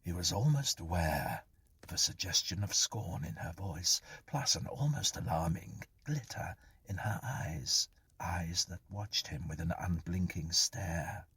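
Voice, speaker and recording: A man narrating a horror story in a hushed, breathy, half-whispered delivery. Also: low-pitched, animated, a little slow, a little hiss or hum.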